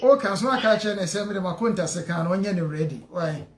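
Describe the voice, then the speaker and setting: A man hosting a call-in radio show, chatting with callers in lively, laughing banter. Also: sits high, fast, reverberant, heavy background noise. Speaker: radio host.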